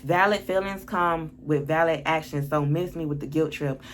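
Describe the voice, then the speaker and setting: Woman doing a storytime vlog, lowish voice, reading old texts, blunt and fed up, lots of cussing, faint noise behind. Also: normal speed. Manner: blunt, exasperated, heavy swearing, slangy. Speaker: lifestyle vlogger.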